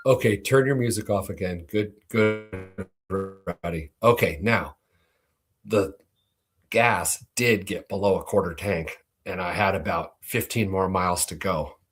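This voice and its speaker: Brief: low-voiced host, husky, relaxed and swearing as he tells his story. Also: measured pace, faint music behind. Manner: laid-back, profane. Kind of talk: casual storytelling.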